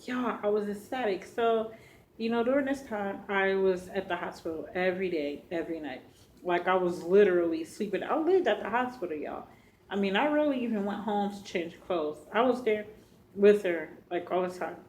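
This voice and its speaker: A woman's voice: mid-range voice, normal speed, a little mellow, slight background noise. Chatty woman telling a personal story. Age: adult with a child. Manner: chatty, addresses viewers as y'all, many fillers. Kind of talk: casual storytelling to camera.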